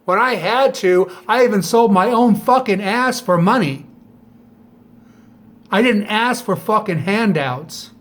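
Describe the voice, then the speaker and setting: A middle-aged man talking straight to camera in a bitter, profane monologue, firing off sharp rhetorical questions. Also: high voice, expressive, measured pace. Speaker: vlogger.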